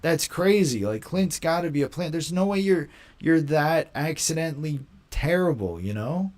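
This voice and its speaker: A young man hosting a casual live stream, talking in a slangy, rambling way and quick to mock. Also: on the high side, animated, a little mellow. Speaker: livestream host.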